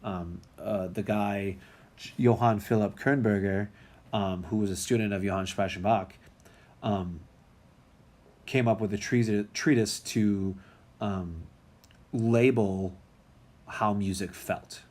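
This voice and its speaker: A man's voice: fairly low pitch, fairly even intonation, slow, long pauses, darkish tone. A man teaching music theory in a recorded lecture, talking casually with many ums and restarts.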